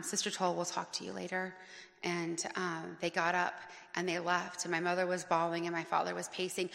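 A woman's voice: fairly low pitch, a bit bright, long reverb tail. A woman telling a personal story on stage, earnest and emotional, linking her sentences in long chains.

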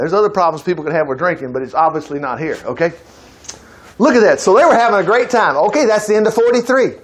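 A man teaches through a Bible passage in casual study style. His voice sits high, and he keeps pausing the reading to chuckle and comment. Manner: reads aloud, breaks in with chuckling asides.

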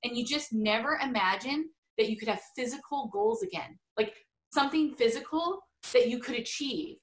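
A woman's voice: high voice, lively intonation, moderate pace. A middle-aged woman chatting as an interview guest, full of fillers and frequent laughs. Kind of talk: casual interview chat.

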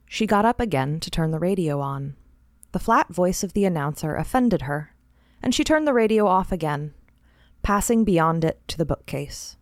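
A woman host narrating a short story in a measured, deliberate reading style. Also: lowish voice, expressive, dry recording, clean studio sound.

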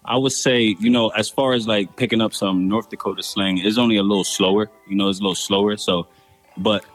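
A man's voice: on the low side, steady tone, fairly quick, dry recording, soft background music. A man from New Jersey, a rapper guest in a casual interview, laid-back and filling his talk with "you know.". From New Jersey, USA.

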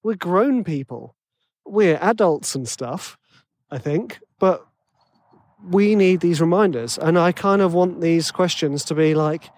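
A man's voice: on the high side, a little slow, dry recording. A man with a tenor voice hosting a podcast, rambling and self-deprecating in casual chat full of fillers. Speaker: podcast host.

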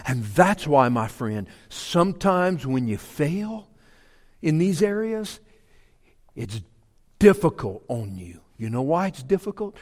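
A man's voice: medium pitch, lively intonation, measured pace, darkish tone, long reverb tail. A man preaching a sermon in a folksy, emphatic way, repeating his key phrases. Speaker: pastor.

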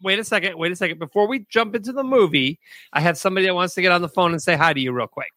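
Bright, high-voiced male co-host. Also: very fast, no room sound, studio quality. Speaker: co-host taking callers. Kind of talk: radio-style talk show hosting.

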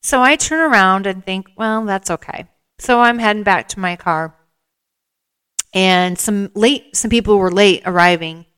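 Chatty, candid woman with a smooth voice. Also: medium pitch, a little slow, a bit bright. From American Midwest. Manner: chatty, rambling, candid and self-deprecating, acts out quoted people in livelier voices. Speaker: podcast host. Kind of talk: casual storytelling monologue.

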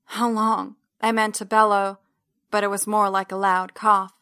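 A woman reads a first-person story aloud in a measured, steady way. Her voice is bright, and her pitch stays level with little movement. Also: smooth. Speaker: audiobook narrator. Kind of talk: first-person fiction narration.

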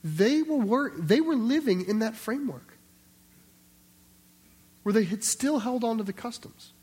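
A man with a high voice preaches through a scripture passage. He keeps it conversational, acts out the voices he quotes and restarts phrases as he thinks aloud. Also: animated, unhurried, darkish tone, breathy edge. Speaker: pastor. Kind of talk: expository sermon.

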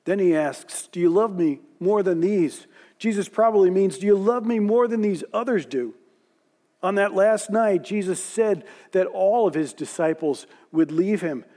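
A man delivers a sermon as a story, his voice pitched high. His tone is mellow and warm, and he eases into slow, quiet phrasing for quoted lines. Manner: storytelling, voicing quoted lines softly and slowly. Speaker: preacher. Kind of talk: sermon narration.

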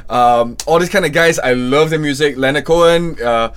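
A man hosting a podcast, speaking in a natural baritone with chest resonance, relaxed and thoughtful. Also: moderate pace, clear, resonant tone. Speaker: podcast host. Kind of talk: casual podcast conversation.

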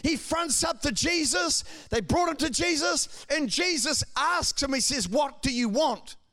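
Man, pastor, very high voice, sermon, fervent preaching. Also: a little slow. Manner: preaching with swings between calm and shouted passages.

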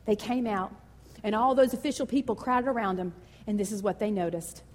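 A woman pastor preaching a sermon in a lively, conversational and emotional way. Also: mid-range voice, a little fast, in a large hall.

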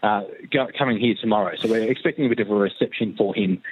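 A man's voice: lowish voice, fast talker, breathy edge. A male foreign correspondent speaking by phone, hesitant and full of fillers as he reports. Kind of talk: phone interview. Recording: tinny phone line.

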